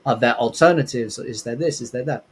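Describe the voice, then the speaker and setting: This young guest on a podcast has a medium, slightly rough voice and a fairly quick delivery; he rambles through animated, casual stories, frequently starting his sentences over.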